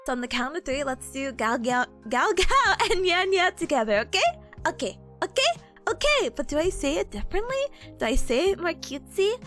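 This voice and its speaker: A woman's voice: very high voice, very animated, normal speed, fairly bright tone, soft background music. A woman streamer chatting live with her viewers, bubbly and giggly, rambling as she goes.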